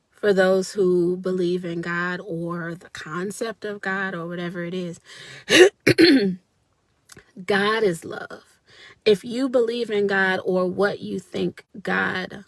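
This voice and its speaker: A woman's voice: medium pitch, gravelly, dry recording. A woman giving an earnest, spiritual motivational talk on a live video and speaking straight to her viewers. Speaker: wellness speaker.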